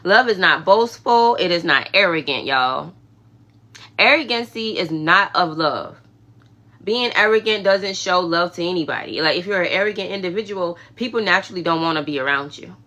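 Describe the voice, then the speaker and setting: A woman's voice: lowish voice, normal speed, pushed and bright. A woman hosting a livestream, giving a casual, emphatic faith talk with conversational asides. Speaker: livestream host.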